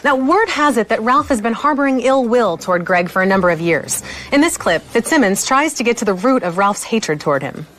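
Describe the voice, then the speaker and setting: A woman's voice: a little high, animated, fairly quick, a little hiss or hum. Dry-voiced female co-host reading intros. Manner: dry, teasing read of clip introductions. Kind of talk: scripted recap narration.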